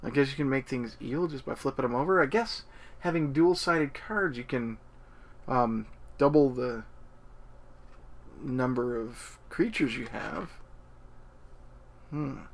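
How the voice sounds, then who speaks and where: Slow, gravelly man unboxing. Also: medium pitch. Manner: hesitant, thinking aloud, many ums. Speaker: unboxing video host. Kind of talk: casual unboxing commentary.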